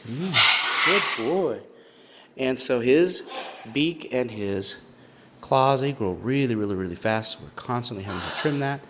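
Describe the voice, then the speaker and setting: A man's voice: animated, measured pace. Chatty man touring his bird room. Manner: chatty, with many fillers and restarts; switches to high coaxing baby talk with the birds. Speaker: bird owner giving a room tour. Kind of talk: casual walk-through vlog. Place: indoor bird room in a house. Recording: constant room noise with clicks.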